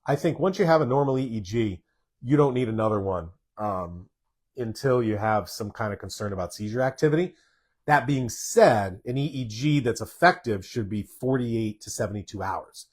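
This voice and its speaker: A doctor answers viewers' questions live, reading each one aloud before replying in a plain, direct manner. The man's voice is lowish and expressive, delivered at a normal speed.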